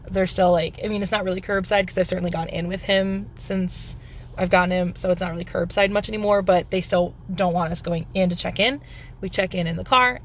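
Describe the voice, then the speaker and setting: Chatty woman vlogging about her dogs. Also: a little hiss or hum. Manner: chatty, talks to her dogs in a high coaxing voice. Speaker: vlogger and pet owner. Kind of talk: casual vlog chat. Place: home, then car and vet office.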